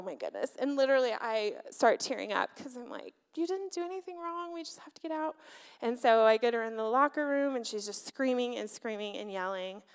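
A pastor's wife in her thirties or forties preaches a sermon to a congregation in a church sanctuary. She shares a personal story candidly and conversationally, using filler words, in a fairly high, clean-toned voice.

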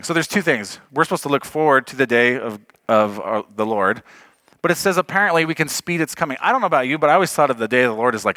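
Male preacher, casual conversational delivery, bright tone, dry close recording. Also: mid-range voice, dry recording. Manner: conversational, chuckling often, lots of "like". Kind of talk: sermon.

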